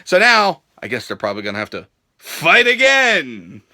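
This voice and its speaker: A young man hosting a wrestling review vlog, ranting crudely and sarcastically with occasional shouts. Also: a little high, huge pitch swings, normal speed. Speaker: show host reviewing wrestling.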